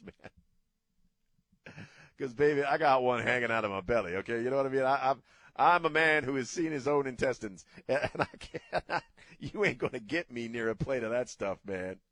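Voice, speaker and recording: A man's voice: medium pitch, lively intonation, moderate pace, fairly bright tone, dry recording. A middle-aged man hosting a radio talk show, ranting bluntly in a casual way and cursing freely.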